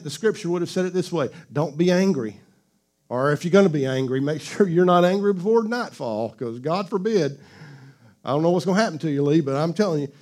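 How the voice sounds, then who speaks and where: A man's voice: sits high, darkish tone. A male pastor preaching a sermon in a conversational, joking style, with call-and-response to the congregation.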